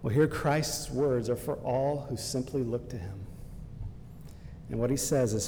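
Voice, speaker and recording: A man pastor preaching a sermon earnestly, slowing down for emphasis and softening his voice for quotations. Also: mid-range voice, big-room sound, slight background noise.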